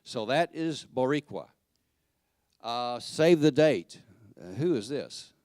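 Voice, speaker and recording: A man giving church announcements in a chatty, joking way, halting with fillers and restarts. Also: medium pitch, expressive, a little mellow, dry recording, studio quality. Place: church sanctuary.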